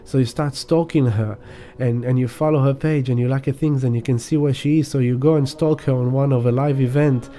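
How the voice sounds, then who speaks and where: A man's voice: mid-range voice, fairly even intonation, fairly quick, hardly any pauses, warm tone. A man giving a rambling spiritual astrology talk, casually swearing and acting out examples. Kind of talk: spiritual teaching monologue.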